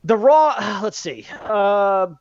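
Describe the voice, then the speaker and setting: Animated, profane man ranting about wrestling. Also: slow, dry recording. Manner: animated, profane, swings from loud outbursts to low muttering. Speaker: podcast host. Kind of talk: casual wrestling recap rant. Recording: dull lo-fi podcast mic.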